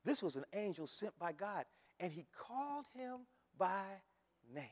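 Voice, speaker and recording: A man preaching a sermon, repeating phrases and rising to shouts. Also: sits high, sing-song, measured pace. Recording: long hall reverb.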